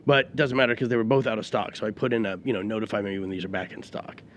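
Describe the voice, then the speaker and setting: A man's voice: lowish voice, very fast, a little hiss or hum. A man co-hosting a podcast in casual chat, telling a story in an easygoing, meandering way with lots of fillers. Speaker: podcast co-host.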